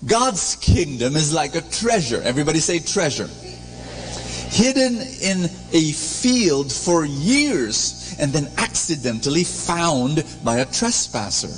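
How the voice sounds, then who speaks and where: A man's voice: fairly high pitch, very animated, a little slow, hardly any pauses. A man in his fifties with a Filipino accent, preaching an anecdote-filled sermon and coaxing the congregation to repeat his lines. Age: 50s. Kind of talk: sermon with call-and-response. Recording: long church reverb, faint music.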